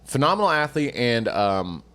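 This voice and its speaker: A man's voice: medium pitch, sing-song, normal speed, a bit bright. A man co-hosting a podcast, rambling and swearing casually while he tells stories and acts out quotes in other voices. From Northern California. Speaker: podcast co-host. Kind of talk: casual chat, storytelling.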